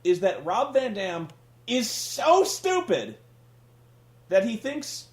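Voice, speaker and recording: A man's voice: high voice, very animated, slow, reverberant. A man hosting a casual comedic rant, sarcastic and profane, sounding exasperated. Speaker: podcast host reviewing wrestling.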